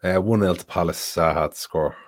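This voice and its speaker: A man's voice: low-pitched, a little fast. A man co-hosting a casual football podcast, chipping in short, dry, teasing jokes. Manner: dry, teasing one-liners. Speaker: podcast co-host.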